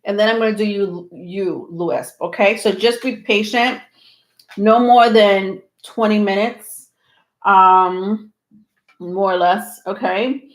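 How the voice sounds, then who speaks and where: A woman's voice: medium pitch, slow pace. Woman, tarot reader on a livestream, slightly breathless, loose reassuring chat. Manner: reassuring, rambling with many ums. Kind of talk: live tarot reading, casual chat to viewers.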